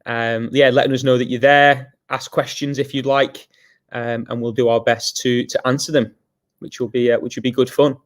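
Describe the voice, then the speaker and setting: A co-host opens a church livestream. The tone is upbeat and casual, with a quick hello to each viewer by name. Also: mid-range voice, little pitch movement.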